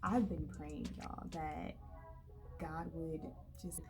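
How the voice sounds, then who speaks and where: A woman co-hosting a casual faith conversation, encouraging and animated, slipping into voices to act out quoted thoughts. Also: low-pitched, slow, over music. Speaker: podcast co-host.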